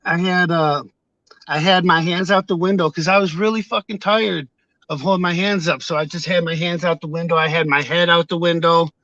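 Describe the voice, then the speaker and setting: A man casually telling a story to his viewers on camera, heated and profane, acting out shouted exchanges. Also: on the high side, fairly even intonation, a little fast, dry recording, highs cut off. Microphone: camera mic.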